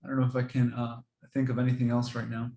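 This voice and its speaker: A man casually explaining how he trains his dogs, relaxed and rambling, laughing often. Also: mid-range voice, quick pace, echoey room, slight background noise, poor audio. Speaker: dog owner explaining training. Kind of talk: casual talk to camera.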